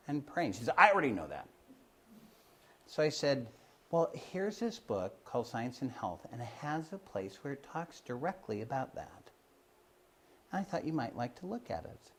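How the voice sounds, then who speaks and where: A man telling stories from his healing work in a loose, hesitant way, with many fillers and restarts, and acting out the voices of the people he quotes. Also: mid-range voice. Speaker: Christian Science healer telling of his work. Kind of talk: informal storytelling talk.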